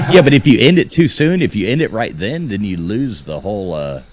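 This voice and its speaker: A man with a low, deep voice hosting a loose podcast chat. His delivery swings up and down in pitch. He rambles, swears freely and trips over his words. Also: big pitch swings, brisk, a little mellow. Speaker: podcast host. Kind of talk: casual chat.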